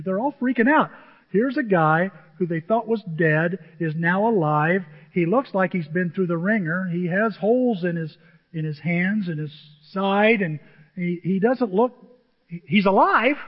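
A male pastor preaching a sermon to his church, animated and emotional, often jumping into excited high exclamations. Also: a little slow. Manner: self-described emotional. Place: church sanctuary with a screen. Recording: dull, long hall reverb.

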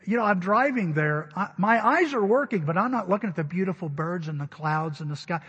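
A man preaching a sermon, telling stories in an animated way and acting out what people said, sometimes crying out. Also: high voice, brisk, slightly rough, long reverb tail. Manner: animated, acts out quotes and cries out. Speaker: pastor. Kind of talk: sermon with storytelling.

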